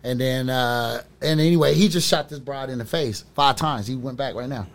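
A man's voice: mid-range voice, normal speed, creaky. Rambling middle-aged man telling street stories. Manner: rambling street-slang storytelling. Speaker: storyteller on a podcast. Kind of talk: casual chat.

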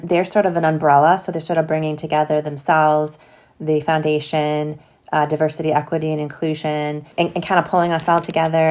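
A woman's voice: low-pitched, a little mellow. A woman who leads a corporate foundation, answering interview questions in a conversational, upbeat way with frequent hedges.

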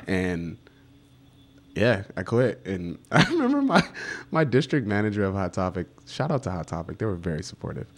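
A young man, a photographer, telling a story about his career in a relaxed, casual conversation. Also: deep voice, moderate pace. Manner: relaxed storytelling, acts out quotes. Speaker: guest photographer.

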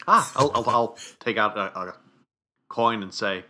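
A man's voice: lowish voice, measured pace, sharp tone. A man playing a tabletop role-playing game, laid-back and drawling. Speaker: player.

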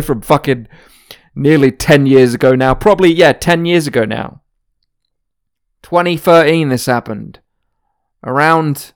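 Male podcast host with a mixed British accent, crude and boastful, rambling comic monologue. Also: medium pitch. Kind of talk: rambling comedic rant.

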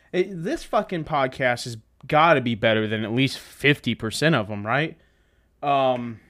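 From inside a truck, a man hosting a podcast launches into a comedic rant packed with profanity and sarcasm, now and then slipping into mocking voices. His voice is mid-range and a bit bright.

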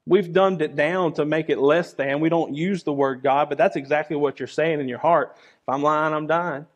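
Preacher guy, kinda high voice, earnest and chatty, repeats himself a lot. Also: fairly even intonation, normal speed. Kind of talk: sermon.

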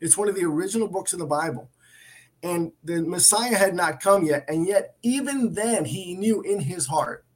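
Man, christian talk show co-host, emphatic, earnest, somewhat high voice, bible talk. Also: lively intonation, moderate pace. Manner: earnest, emphatic, with restarts and repetitions. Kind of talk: Bible teaching in casual chat.

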